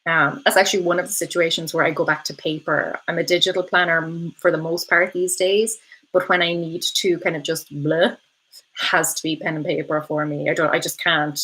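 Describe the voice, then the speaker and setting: A woman's voice: sits low, steady tone, a little fast, hardly any pauses, sharp tone, breathy edge, poor audio. A woman hosting a casual live stream, chatting with viewers, often saying um and laughing between thoughts. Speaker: host of a live stream, reading viewer comments.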